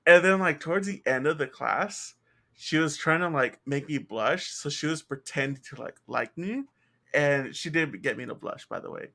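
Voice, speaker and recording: A young man and podcast co-host telling a story from school in casual chat, laughing often. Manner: slow, laughs a lot, lively pitch.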